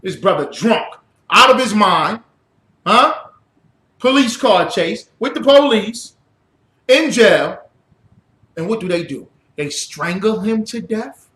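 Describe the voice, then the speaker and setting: A man preaching a fiery sermon as a religious teacher, blunt and profane, rising to shouts. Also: sits high, animated, slow pace, pauses often. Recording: roomy echo.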